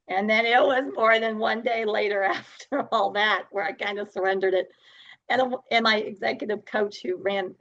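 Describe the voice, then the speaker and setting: Animated woman telling her story. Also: medium pitch, lo-fi sound. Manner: animated, acts out dialogue, laughs often. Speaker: podcast guest. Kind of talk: storytelling interview.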